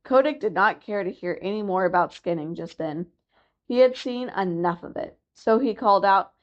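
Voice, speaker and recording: A woman narrating a classic chapter book aloud for a library reading program, in a clear, steady storytelling manner. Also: mid-range voice, normal speed, highs cut off. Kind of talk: audiobook narration.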